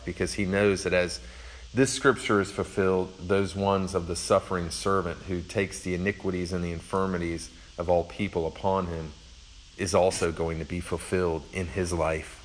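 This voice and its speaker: A man's voice: low voice, level tone, normal speed, slight background noise, low-quality recording. A man giving a conversational sermon, explaining a passage verse by verse with earnest asides. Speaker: pastor.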